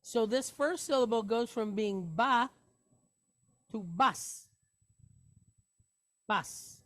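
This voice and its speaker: A woman's voice: a little high, animated, slow, fairly bright tone. A woman teaching a Hebrew reading lesson, patiently sounding out each syllable and repeating words aloud.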